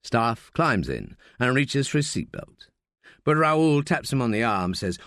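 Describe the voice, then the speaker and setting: Male audiobook narrator, unhurried and animated, dry close sound. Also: mid-range voice, no echo. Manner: slow, lively reading with voiced characters. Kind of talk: scripted narration.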